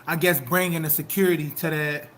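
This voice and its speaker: A man with a notably high voice asks the panel questions in a hesitant way. He restarts and searches for words as he goes. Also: steady tone, fairly quick, fairly bright tone, a little hiss or hum. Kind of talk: casual discussion.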